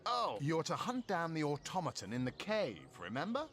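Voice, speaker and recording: A man's voice: fairly high pitch, big pitch swings, normal speed, crowd noise. A man playing a pompous, absent-minded guild official in a video game, theatrical and flustered.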